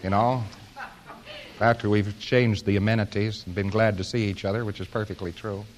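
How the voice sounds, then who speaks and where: A man's voice: lowish voice, steady tone, normal speed, slight background noise. An American man giving an informal lecture to an audience, with a wry, joking, rambling delivery.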